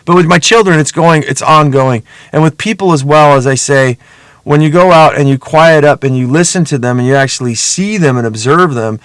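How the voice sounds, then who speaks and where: A middle-aged man muses in a loose, rambling monologue, swearing freely but sounding earnest. His voice sits a little high for a man. The sound is dry and close, with no room echo. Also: brisk, a bit bright, smooth. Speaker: podcast host. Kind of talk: casual reflective monologue.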